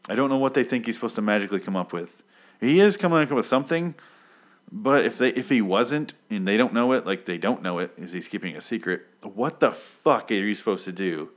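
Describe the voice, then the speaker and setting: Casting note: rambling man recapping with heavy swearing, voice on the low side. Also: fairly quick. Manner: rambling, excitable, swears freely, self-interrupting. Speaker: comic book recap host. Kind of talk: casual profane recap rant.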